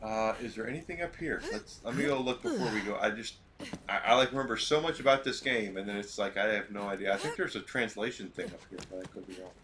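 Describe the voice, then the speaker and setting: A man's voice: fairly low pitch, fast, crowd noise. A man streaming a video game, chatting casually and rambling as he plays. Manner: rambling, self-correcting, chatty. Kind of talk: casual gameplay commentary.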